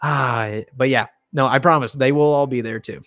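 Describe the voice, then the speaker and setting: A man from the United States, a band member, runs a casual livestream Q&A with studio quality and no room sound. His mid-range voice is steady and fairly bright at normal speed as he chats, laughs frequently and reads out viewer comments.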